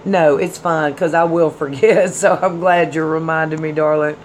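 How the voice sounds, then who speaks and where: A woman's voice: low-pitched, fairly even intonation, normal speed, darkish tone, a little hiss or hum, rough recording. A woman hosting a tarot livestream, chatting casually with viewers and reading their comments. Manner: chatty, folksy, addresses viewers as y'all and hon.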